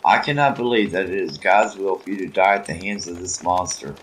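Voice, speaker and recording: A man's voice: low-pitched, fairly quick, a bit bright, slight background noise, low-quality recording. A man reading the lines of a grandmother desperate to save her granddaughter, earnest and pleading.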